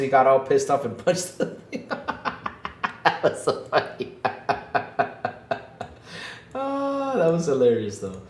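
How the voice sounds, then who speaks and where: A man's voice: on the high side, animated, normal speed, long pauses, fairly bright tone, roomy sound. A man hosting a casual livestream, joking with the chat and playing up mock hurt, laughing often. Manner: playful, self-mocking, laughs often, mock-whiny. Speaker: livestream podcast host. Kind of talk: casual live-chat banter.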